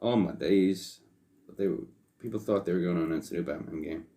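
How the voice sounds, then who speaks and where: A man's voice: low-pitched, fairly quick, mellow. A young man co-hosting a podcast, chatting casually and offhand, swearing a lot and trailing off with fillers. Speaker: podcast co-host. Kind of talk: casual chat.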